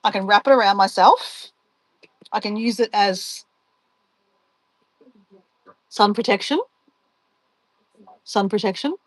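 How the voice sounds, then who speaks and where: A woman's voice: medium pitch, takes it slowly, pauses often, no room sound. A woman, a travel vlogger chatting casually and playfully with livestream viewers while she packs. She laughs often and talks to herself as she goes. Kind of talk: casual livestream chat reading viewer comments.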